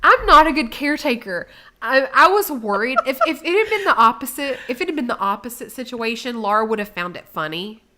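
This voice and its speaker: A woman co-hosting a casual chat, telling a story with lively acted-out quotes that rise in volume. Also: a little high, a little fast. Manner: animated, acts out quotes with rising volume. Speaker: co-host.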